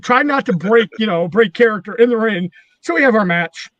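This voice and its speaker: A man's voice: high voice, animated, brisk, fairly bright tone, no echo, highs cut off. A man, a former wrestling manager, telling rambling, profane stories in casual chat. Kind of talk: casual storytelling.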